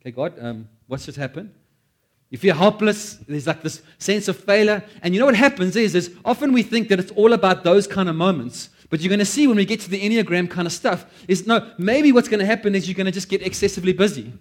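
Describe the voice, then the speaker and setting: A man preaching a sermon, animated, acting out quoted prayers and joking at his own expense. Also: high voice, fast, hardly any pauses. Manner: animated, acts out quoted prayers, self-deprecating asides. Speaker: pastor.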